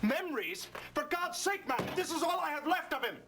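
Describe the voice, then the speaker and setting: A man's voice: very high voice, very animated, fairly quick, background noise, heavily acted. An actor playing a grieving young man who presses an older man about his brother's death in a video game, pleading and insistent. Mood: outraged. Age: young adult. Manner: pleading, then outraged. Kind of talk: full-motion video game acting.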